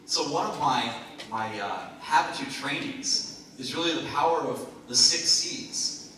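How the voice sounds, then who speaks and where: A man giving a lively motivational talk to a live audience, joking and asking the room questions. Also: medium pitch, unhurried. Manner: lively, jokey, asks the crowd questions. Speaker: motivational speaker. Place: event hall before a live audience. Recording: very echoey hall, speaker far from mic, noisy.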